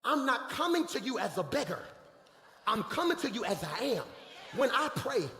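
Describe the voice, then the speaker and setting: High-voiced preacher shouting in an echoey hall. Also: male voice, moderate pace. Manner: animated preaching with shouted bursts and casual slang. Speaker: pastor. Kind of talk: sermon.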